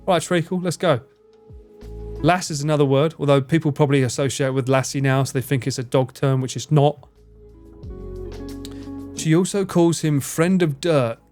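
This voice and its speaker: A man's voice: medium pitch, normal speed, a little mellow, soft background music. A man from England with an Essex accent, chatting casually and teasingly with viewers on a live stream, swearing and laughing often. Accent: English, Essex.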